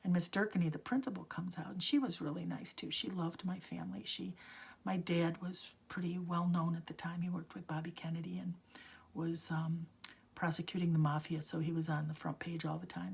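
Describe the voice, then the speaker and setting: A woman in her sixties telling a personal story, often sinking into a hushed whisper as she talks. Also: on the low side, fairly even intonation, moderate pace. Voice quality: husky, gravelly.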